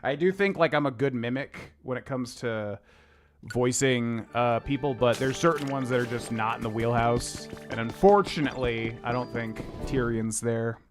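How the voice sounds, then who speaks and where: A young male streamer chats loosely while he plays, rambling from one thought to the next and humming little tunes under his breath. Game music runs clearly behind his voice. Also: medium pitch, moderate pace. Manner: chatty, rambling, hums and scats to himself. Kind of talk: casual gameplay commentary.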